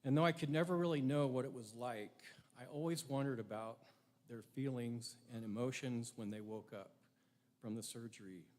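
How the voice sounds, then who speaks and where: A man's voice: mid-range voice, moderate pace, a little mellow. A middle-aged man giving a prepared ceremony speech, earnest and reflective, with rhetorical questions to his audience. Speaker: ceremony speaker.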